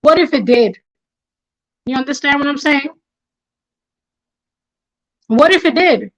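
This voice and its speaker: A woman's voice: high voice, animated, takes it slowly, rough recording. A middle-aged woman hosting a livestream, talking with anger and passion and repeating herself for emphasis. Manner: impassioned, repetitive, angry. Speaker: livestream host. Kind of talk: emotional livestream talk.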